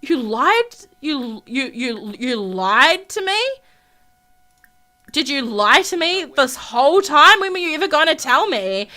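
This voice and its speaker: A woman's voice: high-pitched, very animated, moderate pace, few pauses, sharp tone, voice pushed up, heavily acted. A woman voicing a jealous young husband in a life-sim game, angry and demanding, repeating himself insistently. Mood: hurt.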